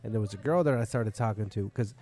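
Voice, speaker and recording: A man's voice: fairly low pitch, fast talker, dark tone. A man hosting a podcast in a bar, a comedian telling a long, rambling, profane story in casual chat.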